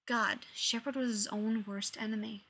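A woman reading fiction aloud in a lively, expressive narrating voice. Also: a little high, moderate pace, slightly rough. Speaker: story reader.

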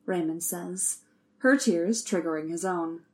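Woman narrating a story, lowish voice. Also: a little slow. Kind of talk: audiobook narration.

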